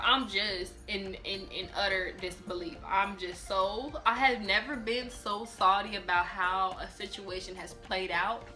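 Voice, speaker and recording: A young woman telling a personal story in a casual vlog, animated and emphatic, often repeating and restarting her words. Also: mid-range voice. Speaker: vlogger.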